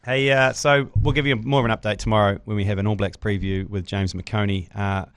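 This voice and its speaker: A man in his forties with a New Zealand accent, hosting a podcast and telling lively, swear-filled stories in casual chat. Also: on the low side, a little fast, clean tone, no echo. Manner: lively storyteller, swears freely, laughs mid-story. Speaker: podcast host.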